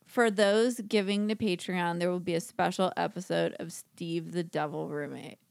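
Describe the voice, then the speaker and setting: A woman's voice: on the low side, steady tone, moderate pace, vocal fry, no room sound, studio quality. A woman co-hosting a podcast in casual chat, laughing often, swearing freely and slipping into silly voices. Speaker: podcast co-host.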